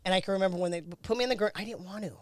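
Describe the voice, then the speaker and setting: A woman's voice: mid-range voice, racing, no room sound. A middle-aged woman, a former race car driver, bluntly recounting a crash in a candid interview, swearing freely.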